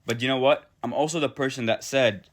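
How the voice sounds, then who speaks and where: A man's voice: medium pitch, fairly even intonation, fairly quick, natural voice. A man voicing a lovestruck young camel herder and poet.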